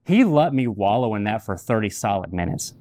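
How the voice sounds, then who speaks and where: A man's voice: on the low side, sing-song, brisk, a little mellow. A man preaching a sermon, telling a personal story candidly and repeating key phrases for weight. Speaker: pastor.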